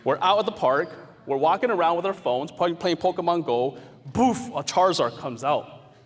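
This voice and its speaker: A man giving a lively talk to a live audience, playful and asking the room questions. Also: on the high side, normal speed. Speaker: guest speaker. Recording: long reverb of a large hall.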